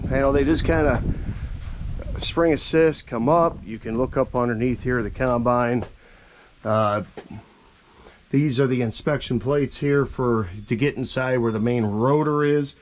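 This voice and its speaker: A man's voice: mid-range voice, noisy background. Folksy auctioneer man talking on a farm. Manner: folksy, plainspoken, thinking aloud with fillers. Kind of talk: casual walkaround commentary. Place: outdoors on a farm, around machinery.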